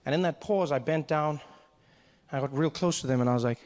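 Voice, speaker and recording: A man doing a stand-up comedy set, telling an animated story and jumping into character voices. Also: fairly high pitch, fairly quick, heavy background noise.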